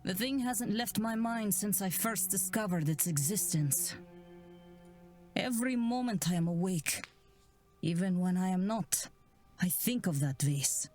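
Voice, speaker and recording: An actress playing a solemn woman obsessed by a cursed vase, speaking gravely and hushed in a game. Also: medium pitch, expressive, soft background music, lightly acted. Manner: slow, grave, hushed delivery. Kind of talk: game character dialogue.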